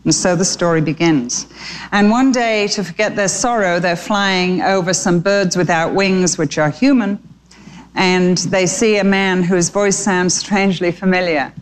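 A woman preaching a sermon in an animated, chatty storytelling manner. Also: lowish voice, unhurried, low-quality recording.

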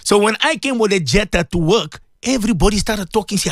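A high-voiced man delivers an impassioned, preachy talk into a studio microphone. He circles back over the same phrases and speaks straight to his listeners. The sound is dry and close. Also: sing-song, fast talker, few pauses, fairly bright tone, dry recording. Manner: impassioned, repetitive, addresses listeners directly. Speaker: radio presenter.

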